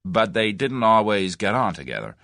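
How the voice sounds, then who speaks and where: A man's voice: fairly low pitch, very animated, normal speed, gravelly, no echo, clean studio sound, heavily acted. A man doing a brash American in his thirties. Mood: plain-spoken. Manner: blunt, forceful, folksy.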